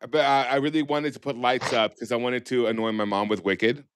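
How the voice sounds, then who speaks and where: A man's voice: mid-range voice, fairly even intonation, brisk, clear, resonant tone, dry recording. Man, casual podcast chat, sassy, gossipy, curses a lot, mid-range voice, dry close sound. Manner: sassy, gossipy, swears freely. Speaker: podcast co-host.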